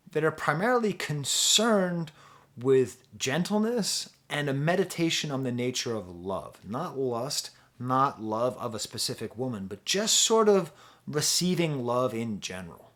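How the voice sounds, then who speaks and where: A man's voice: medium pitch, fairly bright tone. A man talking casually as a music reviewer, rambling and chatty, with frequent restarts and easy laughter. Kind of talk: casual album review talk.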